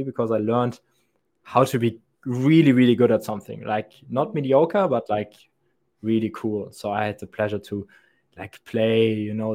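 A young man with a thick German accent chats casually as a podcast guest, his lowish voice a little mellow. He stammers often and keeps restarting his sentences.

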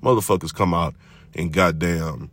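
Deep-voiced, profane man rambling casually. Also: a bit bright. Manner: profane, rambling, drawn-out repetitions. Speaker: podcast host. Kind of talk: casual monologue.

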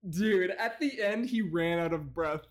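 Young male reactor: foul-mouthed, mocking, fast rants, slightly high voice. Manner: profane, mocking, rapid-fire rants. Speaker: reaction commentator. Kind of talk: casual reaction commentary.

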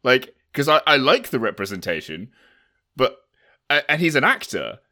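Animated, bright-voiced young man. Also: mid-range voice, moderate pace. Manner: animated, laughs often, lots of fillers. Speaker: podcast co-host. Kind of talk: casual chat.

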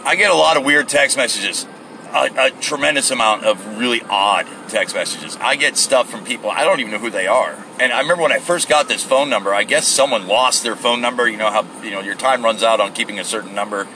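A bright, forceful man's voice, talking his way through a long rambling tale in a casual solo podcast. He is middle-aged and slips into mock voices for the people he quotes. Faint traffic and air conditioning hum sit behind him in the car. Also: fairly low pitch, brisk, poor audio. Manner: rambling storyteller, acts out exchanges with mock voices. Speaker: podcast host. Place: in a car, at a gas station.

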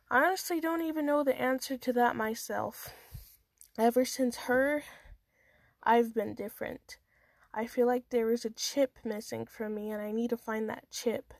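A woman's voice: fairly high pitch, fairly even intonation, normal speed, vocal fry, no room sound. A woman reading her own first-person story aloud in a casual amateur manner, with small stumbles and restarts.

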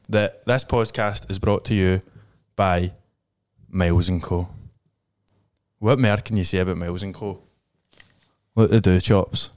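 A man's voice: lowish voice, a little mellow, clean tone. A Scottish man hosting a podcast, reading a rambling, jokey and sweary ad in casual chat. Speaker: podcast host.

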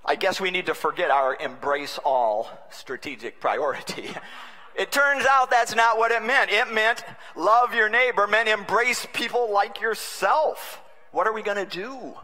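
A man preaching a sermon as a bishop, wry and humorous, swinging between loud and hushed delivery. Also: high-pitched, measured pace. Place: large conference hall. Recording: long reverb of a large conference hall.

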